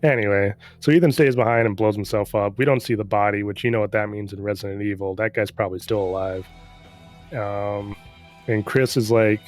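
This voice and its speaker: A man's voice: lowish voice, steady tone, normal speed, faint music behind. A man casually recapping a game's story in a rambling, profane, sarcastic way. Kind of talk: casual chat.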